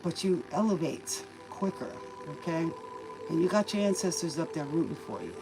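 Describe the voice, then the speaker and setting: A woman's voice: low voice, animated, moderate pace, music in the background, poor audio. A woman hosting a tarot reading stream, giving folksy, preachy life advice in a casual manner and calling the listener baby. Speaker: tarot reader and livestream host.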